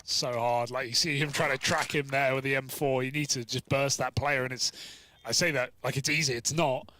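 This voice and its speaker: A man casting a live esports match, quick and chatty, bantering with his co-commentator. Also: mid-range voice, steady tone, bright, forceful tone, slight background noise. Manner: quick, chatty, jokes with co-caster.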